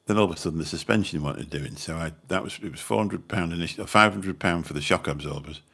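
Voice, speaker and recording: Birmingham man, livestream host, husky deep voice, meandering casual chat. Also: fast, a bit bright. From Birmingham, England. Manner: rambling, chatty, mild swearing. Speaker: channel host chatting with viewers.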